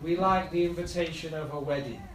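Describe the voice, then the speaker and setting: A man preaching a sermon, speaking slowly and building to fervent repeated appeals, at times chuckling at his own jokes. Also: a little high, slight background noise. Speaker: pastor. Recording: echoey hall, heard from a distance.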